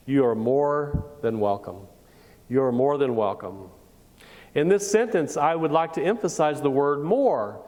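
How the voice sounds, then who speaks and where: A woman pastor preaching a sermon and posing rhetorical questions in a deliberate way. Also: low-pitched, a little mellow. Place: church sanctuary. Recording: long reverb of a church hall.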